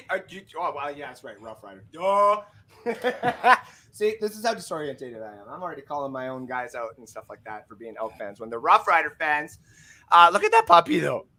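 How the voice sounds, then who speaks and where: A man's voice: on the high side, sing-song, moderate pace, pushed and bright, poor audio. A man hosting a casual sports podcast, rambling and self-deprecating, laughing often. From Canada. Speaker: host.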